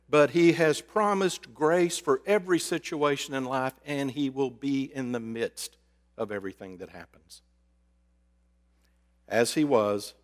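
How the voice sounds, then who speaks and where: A man preaching a sermon, swinging between loud emphasis and hushed, drawn-out words. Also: mid-range voice. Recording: reverberant hall.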